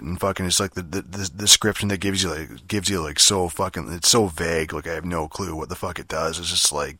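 A man's voice: deep voice, steady tone, a little fast, bright, forceful tone, no echo, clean studio sound. A young man rambling through a profane, filler-heavy review of a video game. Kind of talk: casual spoken game review rant.

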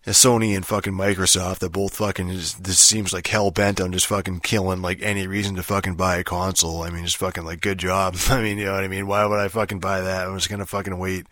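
A man with a deep voice that barely rises or falls rants casually on his podcast, swearing in nearly every phrase and stumbling through fillers and restarts. His tone is bright and forceful, and the recording is dry and close. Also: little pitch movement, quick pace, hardly any pauses, no echo. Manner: profane, rambling, full of fillers. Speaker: podcast host. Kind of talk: casual solo podcast rant.

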